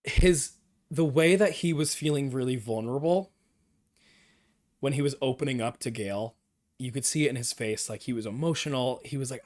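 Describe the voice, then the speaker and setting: A man of ordinary pitch talks through a TV episode on a live stream. His recap is enthusiastic and rambling, and he acts out the characters' lines along the way. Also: moderate pace, a little mellow. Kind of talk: casual show discussion.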